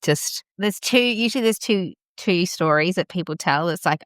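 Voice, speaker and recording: A woman midwife hosting a podcast, chatting casually and warmly affirming her guest. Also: on the low side, expressive, normal speed, no echo, clean studio sound. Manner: enthusiastic and affirming. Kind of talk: casual interview chat.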